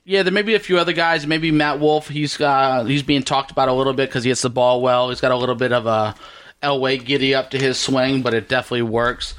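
A man's voice: medium pitch, fairly even intonation, fast, a bit bright, clean tone. A man co-hosting a golf podcast, listing his picks and wrapping up the episode in an upbeat way. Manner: upbeat, wraps up the show. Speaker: podcast co-host. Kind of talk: casual golf betting chat.

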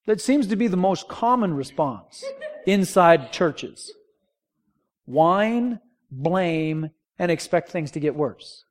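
A man's voice: on the high side, takes it slowly. A man preaching a sermon, conversational, asking the congregation rhetorical questions and drawing call-and-response. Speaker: pastor.

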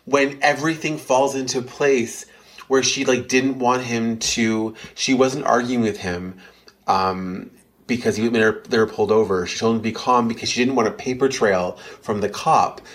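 A man's voice: medium pitch, steady tone, normal speed, a bit bright. A man with a mid-range voice talks casually about a film. He rambles a little and retells scenes in detail, thinking aloud as he goes. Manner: thoughtful, rambling, retells scenes with quoted lines. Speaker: podcast co-host. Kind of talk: casual movie review chat.

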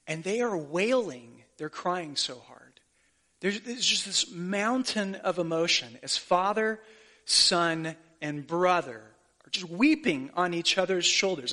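A man's voice: fairly high pitch, bright, forceful tone. A man preaching a sermon as a pastor, telling a story in an earnest way and sometimes correcting himself as he goes.

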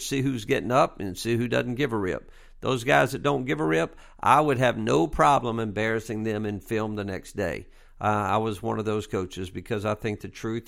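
A man's voice: mid-range voice, vocal fry, fairly bright tone. A middle-aged man, a basketball coach and podcast host, talking through coaching tips in a conversational way, repeating key points with emphasis and plenty of fillers. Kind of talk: casual coaching tips monologue.

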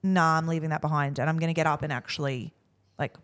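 A woman's voice: low voice, steady tone, quick pace. A woman, co-hosting a podcast in casual, self-mocking chat and acting out what others said. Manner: chatty, self-mocking, acts out quotes. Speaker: podcast co-host.

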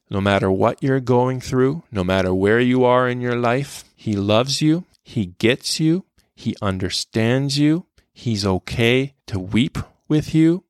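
A man hosting a devotional podcast, speaking earnestly and from the heart about faith, with some halting restarts, and closing in prayer. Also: on the low side, creaky, no room sound, studio quality. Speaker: podcast host.

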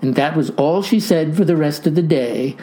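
A man's voice: on the high side, moderate pace, warm tone. Male narrator, dry comic storyteller, folksy old-time diction.

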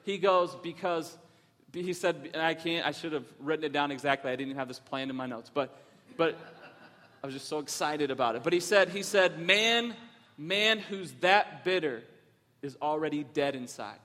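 High-voiced preaching man in a reverberant hall. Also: fairly quick. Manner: animated storytelling, preaching with rising emphasis. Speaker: pastor. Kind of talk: sermon. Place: church sanctuary.

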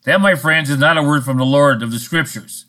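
A man's voice: fairly high pitch, fairly quick, pushed and bright. A man preaching a sermon in a blunt, scolding, sarcastic manner. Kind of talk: recorded sermon monologue.

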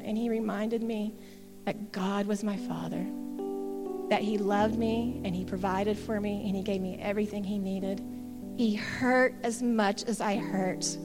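A middle-aged woman, giving an earnest, candid testimony sermon. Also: medium pitch. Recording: long hall reverb with guitar music. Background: soft guitar music.

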